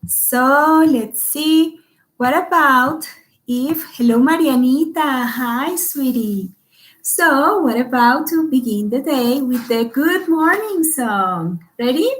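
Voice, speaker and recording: A woman, teaching an online kindergarten math class in a slow, sing-song manner and greeting the children by name. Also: sits high, lively intonation, reverberant, poor audio.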